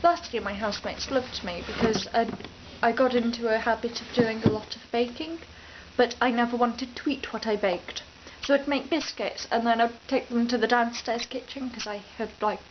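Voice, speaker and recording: A woman's voice: on the high side, dull audio, a little hiss or hum. A young British woman from the East Midlands, rambling unscripted and chatty to her camera at home, often breaking off mid-sentence. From East Midlands, England. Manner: rambling, self-interrupting, chatty. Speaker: vlogger. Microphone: camera mic.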